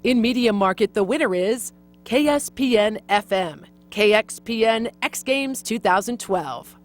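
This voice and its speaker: A woman's voice: fairly high pitch, measured pace, music in the background. A woman presenting awards, formally reading out categories and winners. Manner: even, formal announcing.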